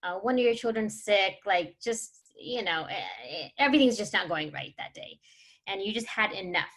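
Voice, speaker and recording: A woman leads a parenting workshop in a relaxed, conversational voice. She fills her talk with ums and little laughs and slips into acted-out everyday scenes to make her points. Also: medium pitch, normal speed. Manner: chatty, many fillers, laughs and acts out scenes. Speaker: workshop presenter.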